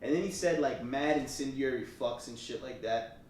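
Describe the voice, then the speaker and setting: A man's voice: mid-range voice, normal speed, darkish tone, echoey room, far from the mic, a little hiss or hum. A young man co-hosting a casual comedy podcast, acting out both sides of his stories with lots of cursing and laughter. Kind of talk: casual storytelling chat.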